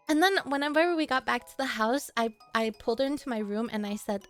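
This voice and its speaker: High-voiced young woman telling stories to chat. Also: quick pace, hardly any pauses, soft background music. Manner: animated, acts out quoted lines with big pitch jumps and laughs. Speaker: streamer. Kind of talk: casual storytelling to chat.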